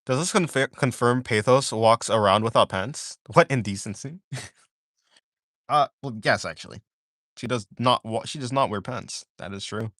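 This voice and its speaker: A man's voice: mid-range voice, lively intonation, normal speed, fairly bright tone, no room sound, studio quality. A young man chatting casually on a live art stream while he draws, rambling and drowsy, often trailing off into mumbles.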